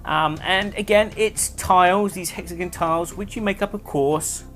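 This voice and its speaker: A man's voice: high-pitched, normal speed, fairly bright tone, faint music behind. A man hosting a casual board game review video, explaining rules in a chatty, rambling way with fillers and self-corrections. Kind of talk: casual monthly review chat.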